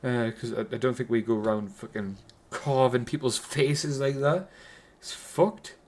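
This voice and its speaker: Geordie man, casual film-review rant, heavy swearing, mid-pitched voice. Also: steady tone, unhurried, darkish tone. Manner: swears constantly, rambling with restarts.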